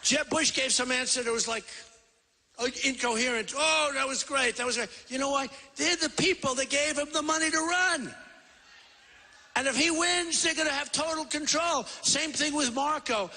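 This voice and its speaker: His very high voice comes across pushed and bright at a moderate pace as this sixty-something presidential candidate rambles and boasts repetitively at a rally. He speaks into a podium microphone in a large convention hall, with reverberant PA audio.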